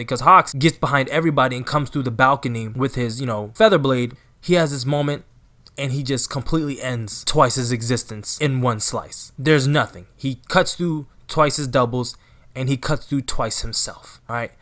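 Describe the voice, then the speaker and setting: Man, casual chapter recap, chatty, talks right to viewers, mid-pitched voice. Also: a bit bright. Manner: chatty, checks in with "right?" and "you know"; speaks straight to viewers. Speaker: anime recap channel host.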